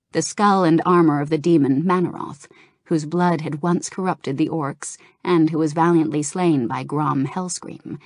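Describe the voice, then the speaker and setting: A woman narrating a fantasy novel aloud in a calm, steady reading voice. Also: on the low side, no room sound, clean studio sound. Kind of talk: audiobook narration of a game novel.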